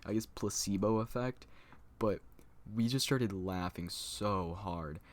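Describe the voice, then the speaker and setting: A young man with a slightly low voice tells a story for his vlog. He talks loosely and swears a lot, filling his sentences with "like" and "you know". The tone is casual and unscripted. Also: slow pace. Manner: loose, swearing, laughing storyteller with many fillers. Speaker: storyteller vlogger.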